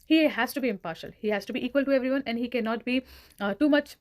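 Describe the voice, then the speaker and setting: A woman's voice: fairly high pitch, fast talker. A woman hosting her own devotional channel, earnestly retelling scripture stories with quoted dialogue. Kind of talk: devotional storytelling talk.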